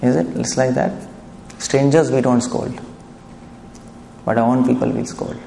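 A man's voice: mid-range voice, fairly even intonation, measured pace, gravelly, dark tone. A man giving a devotional lecture, chatty and often asking the audience questions. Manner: conversational, asks the audience questions. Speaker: preacher. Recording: echoey hall, faint background noise.

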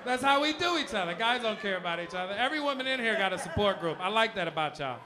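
A man performing a loud, animated, profane stand-up comedy routine on a comedy club stage. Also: high voice, fast talker, background noise. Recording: live club audio with crowd laughter.

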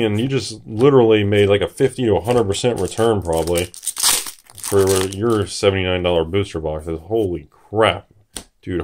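A young man giving excitable unboxing commentary, swearing and shouting in disbelief. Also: mid-range voice. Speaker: card box opener.

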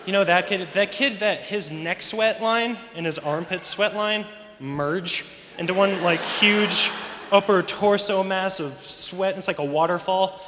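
Teenage boy, stand-up comedian, rambling self-mocking delivery, bright tense tone, echoey school auditorium. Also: high-pitched, measured pace, slight background noise. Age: teens. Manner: rambling, self-mocking, lots of "you know". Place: large school auditorium stage. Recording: echoey hall.

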